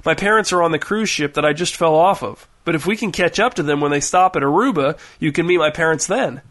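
A man voicing an anxious but self-assured young man who asks quick questions. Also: on the high side, a bit bright, close to an everyday voice. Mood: bemused.

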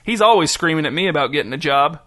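A man's voice: a little high, lively intonation, quick pace, sharp tone. A man voicing a dusty, bearded male drifter who is proud of never working and talks in a wry, unbothered way. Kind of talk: audiobook character voice.

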